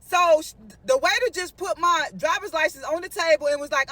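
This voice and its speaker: A woman vlogger telling a story in an animated, sassy and dramatic way, speaking straight to her viewers. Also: very high-pitched, a little fast, few pauses, distant mic.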